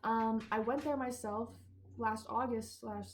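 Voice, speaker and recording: A young woman talks casually to her phone camera in her backyard. Her voice sits fairly high, and she rambles, giggles and loses her thread often. A faint background noise sits under her voice. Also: fairly even intonation, unhurried. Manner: rambling, giggly, easily sidetracked. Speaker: vlogger. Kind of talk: casual chat. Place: outdoors in a backyard.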